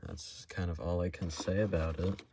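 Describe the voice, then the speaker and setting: A young man talking casually while opening trading card packs, in a monotone voice that stalls and restarts often. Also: low voice, moderate pace, vocal fry, slight background noise. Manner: monotone, hesitant with many restarts. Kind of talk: casual unboxing vlog.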